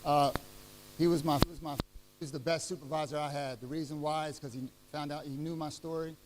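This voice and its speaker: Middle-aged guy giving a heartfelt retirement speech, fairly high voice, lots of ums and restarts, faint hum behind. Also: steady tone. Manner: heartfelt, halting, with many restarts and fillers. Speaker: retiring chief master sergeant giving a speech. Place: ceremony venue.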